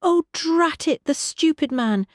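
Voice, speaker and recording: Woman doing a bossy posh old lady, shrill and high, barks orders, dry close sound. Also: lively intonation, moderate pace, dry recording. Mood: imperious. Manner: shrill, decisive, near shouting. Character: imperious aristocratic older lady, commanding. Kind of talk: audiobook character voice.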